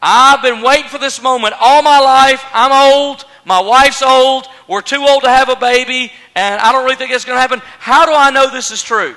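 A man acting out an old doubting male priest, voicing loud, pleading disbelief. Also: extremely high pitch, moderate pace, few pauses, long reverb tail. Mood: incredulous.

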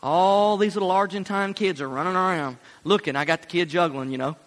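A man preaches a sermon, animatedly telling a personal story and laughing at his own jokes. His voice sits high and moves fairly quickly, with a big-room sound.

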